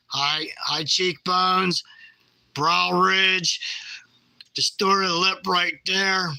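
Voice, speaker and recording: A middle-aged man casually chatting about his field photos, animated, jokey and blunt. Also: high voice, gravelly, dry recording, poor audio. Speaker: bigfoot researcher.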